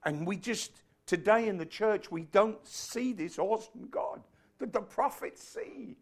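A man preaching a sermon in a fervent way, building to loud, emphatic lines. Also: high voice, expressive, measured pace. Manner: fervent, rising to shouts.

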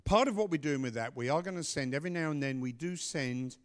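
Middle-aged guy telling a story in church, lively, gets loud, kinda high voice. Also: quick pace. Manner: animated storyteller, acts out voices, bursts of loud exclamation. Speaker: pastor. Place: church service.

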